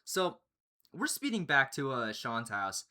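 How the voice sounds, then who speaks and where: A young man telling a story in casual chat, excitable and profane, often breaking into laughter. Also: medium pitch, measured pace. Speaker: storyteller, channel host.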